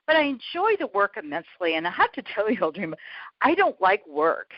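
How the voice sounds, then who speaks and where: A woman guest chatting in an interview, lively and self-deprecating, laughing often and a bit out of breath from walking around. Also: medium pitch, brisk, no room sound, dull audio. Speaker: guest, author and prayer coach. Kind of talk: casual interview chat.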